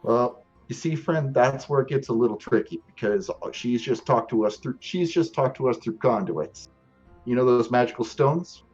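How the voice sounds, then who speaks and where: A man as a player in a tabletop game, smooth-talking in character with a folksy, persuasive manner. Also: medium pitch, animated, moderate pace, darkish tone, lo-fi sound, faint music behind. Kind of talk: in-character role-play.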